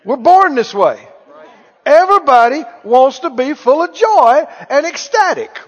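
A man's voice: very high voice, big pitch swings, unhurried. A man preaching a sermon, calling out to the congregation for responses. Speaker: pastor. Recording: muffled church hall recording.

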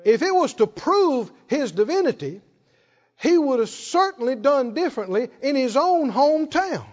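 A man preaches in a very high voice that swings widely up and down, with rhetorical questions thrown out to the congregation. The recording sounds dull and lo-fi. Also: sing-song, moderate pace, a little mellow, long reverb tail. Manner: rhetorical, asks the congregation to respond. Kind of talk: sermon.

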